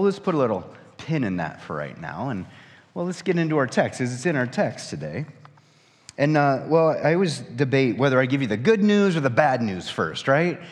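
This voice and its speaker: Pastor preaching in a reverberant church. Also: male voice, medium pitch. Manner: conversational, animated storytelling with folksy asides. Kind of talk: sermon with scripture reading.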